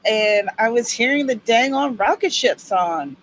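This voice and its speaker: A woman's voice: fairly high pitch, animated, unhurried, rough recording. A woman hosting a writing-sprint livestream in casual chat, upbeat and cheering viewers on by name.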